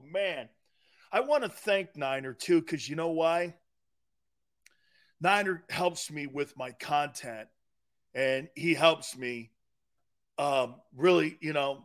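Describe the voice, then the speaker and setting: A man hosting a live sports talk show, loud and joking, often laughing at his own lines. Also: on the high side.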